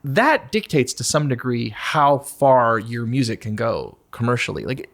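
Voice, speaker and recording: A man in his forties, a guest musician talking candidly in a podcast conversation, who slips into high mock voices to act out asking for attention. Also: big pitch swings, normal speed, creaky. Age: 40s.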